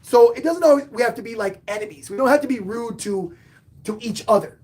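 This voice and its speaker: A man hosting a casual live-stream sports talk show, excitable, swinging between loud outbursts and muttered asides. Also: extremely high pitch, a little fast. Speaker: podcast host and sports fan; bartender.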